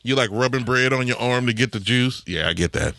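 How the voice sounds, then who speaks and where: A man's voice: mid-range voice, brisk, creaky, bright, forceful tone, no room sound, clean studio sound. A man co-hosting a podcast, joking and teasing in casual banter. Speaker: podcast co-host. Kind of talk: casual chat.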